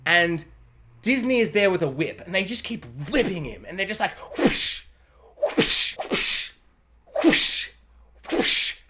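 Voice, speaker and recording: A man giving a sarcastic, animated spoiler review, often slipping into mock voices. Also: high voice, moderate pace, background noise. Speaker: YouTube reviewer.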